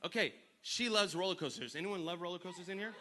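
High bright-voiced young pastor. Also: male voice, quick pace. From Northern California. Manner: playful storytelling, crowd call-and-response, loud bursts. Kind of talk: lively sermon. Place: church sanctuary.

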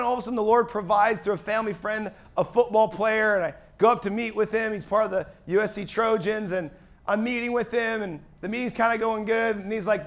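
A man preaching a testimony to a live crowd, animated, going from quiet asides to shouting when excited. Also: high voice, quick pace, creaky. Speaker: evangelist preacher. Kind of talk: sermon testimony to a live audience.

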